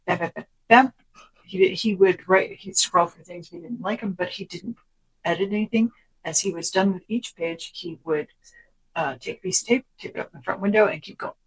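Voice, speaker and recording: Podcast co-host, casual chat, reads from notes, lively, whispers the quotes. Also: mid-range voice, brisk, husky, rough recording. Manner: chatty and animated, drops into whispers for quotes.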